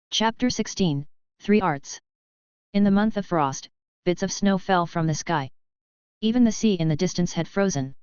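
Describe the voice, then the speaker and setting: A woman reads a fantasy audiobook as scripted narration, steady and even at a normal speed. Her low voice is very clear, and the dry, slightly dull recording has no room sound.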